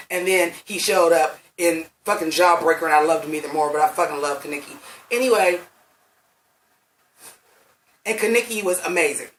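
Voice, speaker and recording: A reviewer in their late thirties talks through a film in a loose, profane ramble, hitting points with blunt emphasis. The voice sits in the middle of the pitch range. It sounds roomy and off-mic. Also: moderate pace, pauses often, a bit bright, far from the mic, slight background noise. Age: late 30s. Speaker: movie reviewer. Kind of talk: casual vlog review.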